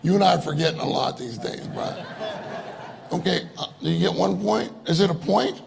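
A man's voice: sits high, expressive, normal speed, gravelly, noisy background. A man giving a conversational sermon, joking and laughing with the audience as he asks them questions. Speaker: conference speaker.

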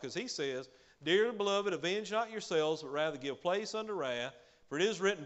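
Male preacher with a fairly high voice. Delivers an emphatic sermon that swings between loud and soft, with frequent hallelujahs. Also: lively intonation, fairly quick. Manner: peppers speech with hallelujah.

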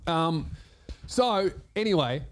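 A man's voice: on the high side, lively intonation, slow. Joking man in his late twenties. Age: late 20s. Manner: joking, rambling storyteller. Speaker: podcast host. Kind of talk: casual chat.

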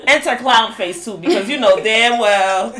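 A woman's voice: a little high, a little slow, over a noisy crowd. A woman co-hosting a podcast in casual chat, giggly and chiming in often. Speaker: podcast co-host.

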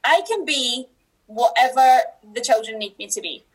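High-voiced Scottish woman. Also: lively intonation, normal speed, slightly rough, rough recording. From Scotland. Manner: chatty, laughs often, lots of restarts. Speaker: teacher, podcast guest. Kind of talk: casual podcast interview.

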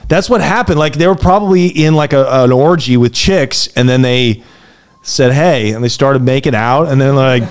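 A man with a middle-range voice trades crude jokes on a casual podcast. He teases his co-host and reads articles aloud. Now and then he launches into loud, high, gleeful outbursts. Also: moderate pace, clean tone. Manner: crude, joking, rising into excited bursts.

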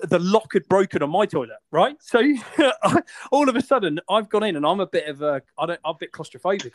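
A man hosting a podcast, telling a funny story in a casual, animated way and laughing often. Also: high-pitched, no room sound.

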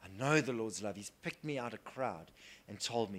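A man preaching a sermon earnestly, moving between soft hushed lines and loud emphatic declarations. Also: on the low side, lively intonation, a little fast.

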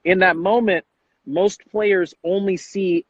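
A man's voice: high voice, slow, dry recording, narrow, tinny audio. A man hosting a casual interview, enthusiastic and slangy, often acting out quotes as he talks. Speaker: coach and podcast host.

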